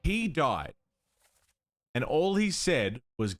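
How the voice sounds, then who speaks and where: A man's voice: mid-range voice, big pitch swings, measured pace. A man thinking aloud as he streams a puzzle game, muttering and counting under his breath. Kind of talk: casual gameplay commentary. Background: game music.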